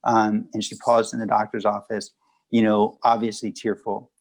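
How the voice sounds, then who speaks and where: A man speaking as a guest at a spiritual gathering, answering questions in a calm, reassuring way. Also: fairly low pitch, normal speed, poor audio. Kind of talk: conversational storytelling.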